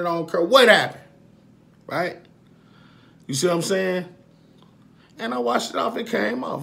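A man vlogging to his followers in a casual monologue, emphatic and profane, repeating his points and swinging from quiet confessions to loud outbursts. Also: a little high.

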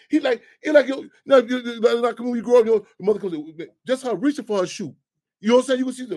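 Middle-aged radio host, high voice, animated, heated, swears freely. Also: male voice, quick pace. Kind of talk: casual talk radio monologue.

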